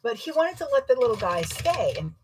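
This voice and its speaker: A young adult woman chatting casually while sewing, telling rambling, self-deprecating stories with a husky voice. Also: fairly high pitch, sing-song, a little fast, a little hiss or hum, rough recording. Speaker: sewing vlogger.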